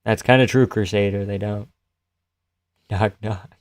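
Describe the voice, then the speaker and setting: A man hosting a live fight-reaction stream, chatting loosely and profanely with his viewers and often trailing off quietly. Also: lowish voice, steady tone, measured pace, dry recording. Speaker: live-stream host reading chat.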